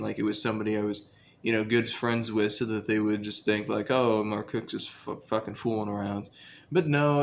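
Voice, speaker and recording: A man's voice: fairly low pitch, slight background noise. A young man casually telling a story about his school days, rambling and profane, with lots of fillers.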